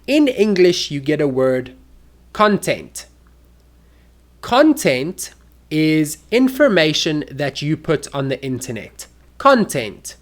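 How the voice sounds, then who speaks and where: A teacher explaining English to learners, speaking slowly and deliberately. The pitch rises and falls widely, and spoken examples are acted out with big contrasts. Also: very animated.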